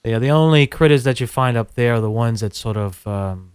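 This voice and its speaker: A man speaking at a middle pitch, recorded close and dry. He chats casually about radio engineering in a wry manner, wandering into tangents with plenty of ums. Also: fairly quick, darkish tone, clean tone, no echo. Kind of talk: casual chat.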